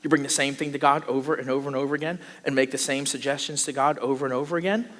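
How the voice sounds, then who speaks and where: A man preaching a sermon as a pastor, animated, acting out the voices of the people he describes. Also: mid-range voice, racing. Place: church sanctuary. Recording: long hall reverb.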